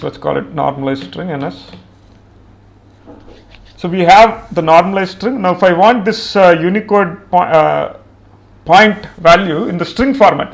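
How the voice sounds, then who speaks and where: In a screen-recorded coding tutorial, a programming instructor with a high voice and vocal fry walks through code step by step. He thinks aloud while typing, pausing often and filling gaps with lots of "uh," keeping it plain and conversational.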